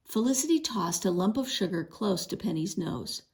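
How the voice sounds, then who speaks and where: A woman reading a children's book chapter aloud, expressive, with a few small slips. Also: mid-range voice, normal speed, vocal fry, hardly any pauses. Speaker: read-aloud narrator. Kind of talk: storybook read-aloud.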